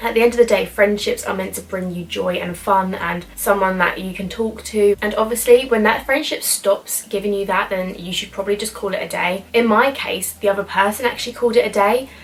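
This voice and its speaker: A woman's voice: medium pitch, a little fast, hardly any pauses. Chatty young woman vlogging. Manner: chatty and animated, eating while talking. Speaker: YouTuber. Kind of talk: casual chatty mukbang vlog. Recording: slightly distant mic with faint background noise.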